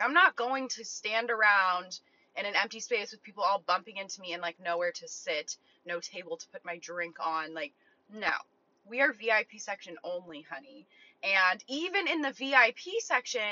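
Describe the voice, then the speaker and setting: Young woman, bright and sharp, blunt and profane storyteller, dull dry lo-fi sound. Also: medium pitch, no room sound. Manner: blunt, profane, filler-heavy. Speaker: online content creator. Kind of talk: casual storytelling. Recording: dull lo-fi recording.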